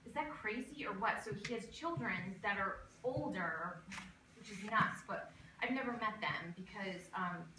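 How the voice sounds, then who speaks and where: Deadpan woman doing stand-up in an echoey club. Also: mid-range voice, normal speed, noisy background. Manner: deadpan, chatty, loud laughing asides. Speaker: stand-up comedian. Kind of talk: stand-up comedy set. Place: comedy club stage with live audience. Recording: echoey club recording from a distance, crowd laughter.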